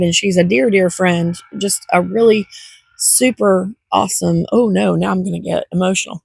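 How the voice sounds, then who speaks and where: An older woman chats casually to camera in a rambling, heartfelt way. Her voice is gravelly and a little husky. The sound is dry and close. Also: fairly low pitch, darkish tone, dry recording. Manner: rambling, chatty, gets teary. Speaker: vlogger.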